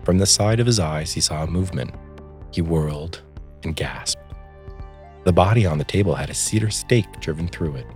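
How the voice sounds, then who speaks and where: Deep-voiced man narrating a story. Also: normal speed, darkish tone, soft background music. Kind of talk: scripted narration of a spooky story.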